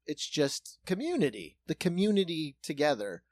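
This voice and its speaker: A man's voice: fairly high pitch, sing-song, normal speed, darkish tone, no room sound. A man from South Dakota co-hosting a casual chat, talking loosely with lots of swearing and laughter. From South Dakota, USA. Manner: loose, profane, laughing banter.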